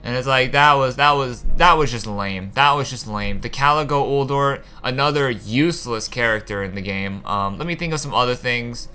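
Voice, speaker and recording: A man's voice: medium pitch, moderate pace, few pauses, pushed and bright, smooth. A young man hosting a gaming channel, ranting casually about a game's story, frustrated and profane, with rambling asides. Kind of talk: casual rant about a game.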